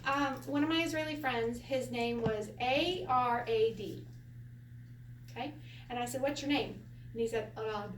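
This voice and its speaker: Woman teacher, high and chatty, laughs a lot, recorded from across an echoey room with light hiss. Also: normal speed, recorded from a distance. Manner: chatty, laughs often, animated storytelling. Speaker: Hebrew teacher. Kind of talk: casual classroom lesson.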